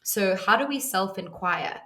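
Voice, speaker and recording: A woman's voice: mid-range voice, expressive, unhurried, a bit bright. A woman guest on a podcast, earnestly telling a personal story and giving advice, with many restarts. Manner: earnest, vivid retelling with restarts. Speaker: podcast guest, ceremony leader.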